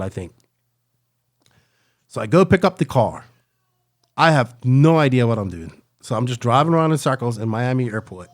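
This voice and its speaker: Telling a drawn-out travel tale on a laid-back podcast, this medium-pitched man wanders through it animatedly, tacking "like" and "right?" onto his sentences.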